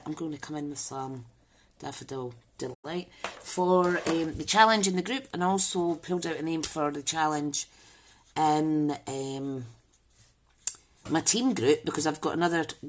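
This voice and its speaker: A woman with a notably low voice hosts a casual crafting stream. She rambles and thinks aloud while she works, greets viewers by name, and faint hiss sits under her voice. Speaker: crafting channel host. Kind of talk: casual live crafting demo.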